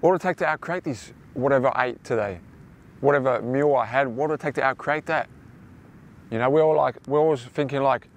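A man's voice: medium pitch, fairly quick. A young man hosting a motivational self-help talk, rambling and repeating himself as he addresses listeners as his friends. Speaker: host.

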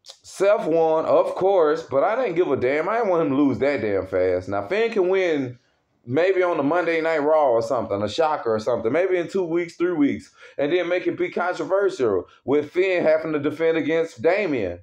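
A man's voice: on the high side, lively intonation, moderate pace, darkish tone. A man angrily ranting as a wrestling fan, heavy with profanity and worked up. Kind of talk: casual rant. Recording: dull lo-fi recording.

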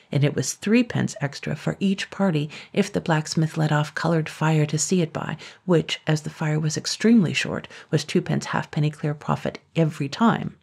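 A woman narrating a classic children's story in a calm, even storytelling manner. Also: sits low, creaky, slightly rough. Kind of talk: scripted narration.

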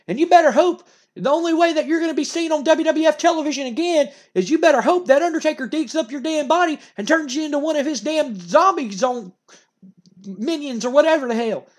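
A man's voice: very high-pitched, brisk, pitched above the performer's own voice. A man voicing an irate male wrestling manager who rants threats at a rival. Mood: furious threatening. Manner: ranting, threatening, loud.

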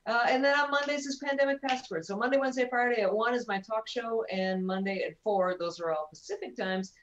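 A woman's voice: on the high side, fairly quick, lo-fi sound. A woman who hosts her own chat show, talking in a loose, joking, easygoing way over a video call. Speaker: talk show host. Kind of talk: casual chat.

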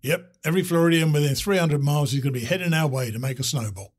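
A man putting on a gruff, barking older man. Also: a little high, quick pace, lightly acted. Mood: gruff, sarcastic. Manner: harsh, barking. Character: gruff, sarcastic older man, retired, all bluster.

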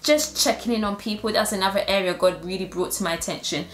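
A woman's voice: medium pitch, fast, hardly any pauses, roomy sound, soft background music. A woman and Christian influencer sharing a personal testimony in an earnest, heartfelt way.

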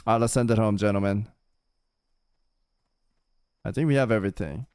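A man's voice: on the low side, moderate pace, darkish tone, clean tone, no room sound, clean studio sound. A young man streaming casually, reacting to a clip in a laid-back, teasing way. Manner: laid-back, says "dude" a lot, teasing.

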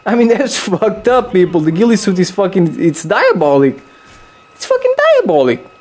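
A young man giving loose, excitable gameplay commentary, swearing freely and jumping into high yelps. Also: normal speed, slightly rough.

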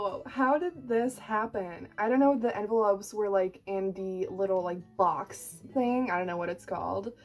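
A young woman in her twenties vlogging an unboxing, gushing and excitable, full of "like" and casual swearing. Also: medium pitch. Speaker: book vlogger and author.

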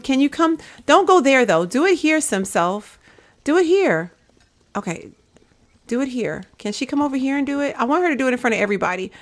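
A woman giving casual gameplay commentary, chatting to her viewers and coaxing her game characters along. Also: fairly high pitch. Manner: chatty, coaxes and scolds her game characters, says "y'all". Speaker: gaming video creator.

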